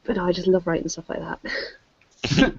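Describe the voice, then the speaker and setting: A woman's voice: fairly low pitch, level tone, a little slow, vocal fry, a little mellow, a little hiss or hum. Chatty English woman on a dull call. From England. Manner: chatty, self-mocking, laughs often. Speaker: show regular. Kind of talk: casual chat on a video call. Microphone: video call.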